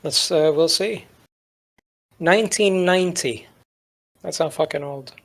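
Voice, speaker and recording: A man's voice: a little high, unhurried. A man co-hosting a podcast, chatting casually with crude, sarcastic humor and lots of filler. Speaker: podcast co-host. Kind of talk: casual chat.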